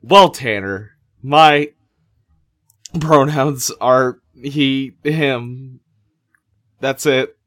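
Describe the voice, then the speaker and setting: Laid-back deadpan male guest, slow delivery, dry close mic. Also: medium pitch, dry recording. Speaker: podcast guest. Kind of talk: casual podcast chat.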